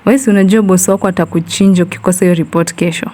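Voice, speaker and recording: A woman voicing a joking male security guard who talks in a quick, casual way. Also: fairly low pitch, steady tone, dark tone, lightly acted.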